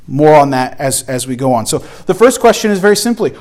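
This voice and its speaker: Man teaching a Bible lesson, slightly high voice. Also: animated, fairly quick, hardly any pauses. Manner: conversational, emphatic, often restarts phrases.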